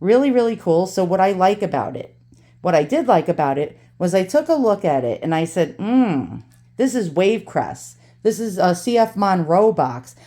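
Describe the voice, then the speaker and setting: A woman's voice: lowish voice, sing-song, normal speed, mellow. A woman with a New York accent talks casually while she unboxes antiques at home. She rants and curses, then turns cheerful and chatty in seconds. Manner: ranting, swings from angry cursing to cheerful. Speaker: antique channel host. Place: home with dogs.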